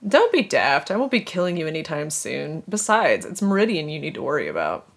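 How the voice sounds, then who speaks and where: A woman's voice: deep voice, very animated, brisk, vocal fry, exaggerated voice. A woman voicing a suave, amused male space vampire with playful mock-British phrasing. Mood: teasing.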